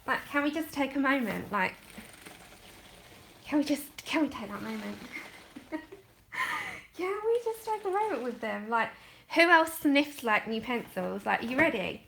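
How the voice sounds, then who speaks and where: A woman hosting a casual colouring livestream, gushing and excitable, laughing often and trailing off mid-sentence, heard from a camera set back from her desk. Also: high-pitched, unhurried, creaky, long pauses, a little hiss or hum. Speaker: colouring channel host. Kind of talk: casual livestream chat while unboxing.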